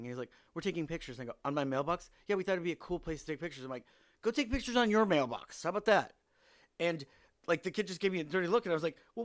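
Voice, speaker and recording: A man hosting a podcast, telling stories about his neighbors in a wry, exasperated way and acting out their lines. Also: fairly high pitch. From Seattle area. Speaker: podcast host. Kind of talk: casual storytelling.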